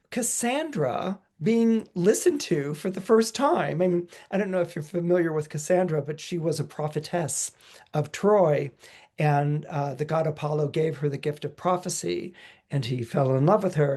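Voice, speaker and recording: A man's voice: on the high side, normal speed. A middle-aged man, an astrologer, giving a podcast forecast in a loose, chatty way, full of "you know" and acted-out quotes. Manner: lively storyteller who acts out quoted voices.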